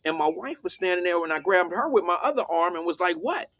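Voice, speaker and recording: A man hosting a casual talk show, telling a story in an animated way and acting out what people said. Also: high voice, fast. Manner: animated storytelling, acts out quotes. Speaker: host.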